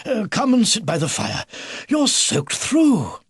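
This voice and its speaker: A man's voice: high voice, wildly swooping pitch, takes it slowly, creaky, husky, no echo, clean studio sound, pitched above the performer's own voice, heavily acted. A man voicing a kindly old beaver grandfather. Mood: urgent. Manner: hesitant, fatherly, says uh before orders. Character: elderly male beaver, kindly grandfather, steady.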